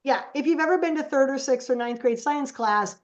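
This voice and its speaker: A woman's voice: high-pitched, a little fast. A woman guest on a podcast, telling stories casually and animatedly and acting out the voices she quotes. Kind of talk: casual storytelling.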